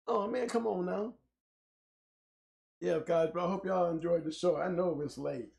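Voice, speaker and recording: A man co-hosting a casual talk show, joking and teasing in slangy banter, his voice a bit rough. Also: high voice, moderate pace, a little mellow. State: voice sounding rough. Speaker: co-host.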